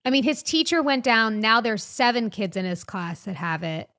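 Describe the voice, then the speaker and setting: A woman's voice: a little high, animated, normal speed, bright, forceful tone. A woman co-hosting a podcast in casual chat, venting in an exasperated way. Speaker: podcast co-host.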